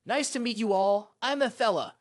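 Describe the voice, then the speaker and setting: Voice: mid-range voice, moderate pace, no room sound, clean studio sound, close to an everyday voice. Cheerful woman professor, as a narrator reads her. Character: cheerful female magic professor.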